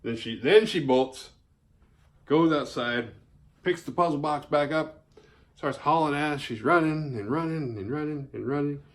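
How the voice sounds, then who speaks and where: Male host recapping a horror movie, loose and profane, jumps into silly character voices. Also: measured pace. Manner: animated, profane, acts out characters' lines in high voices. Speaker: horror film reviewer. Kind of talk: casual film recap.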